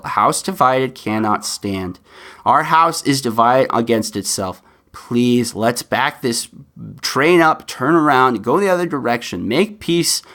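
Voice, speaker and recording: A man's voice: mid-range voice, fairly bright tone. A man hosting a solo podcast, talking earnestly and pleading with listeners, with plenty of fillers along the way. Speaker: podcast host.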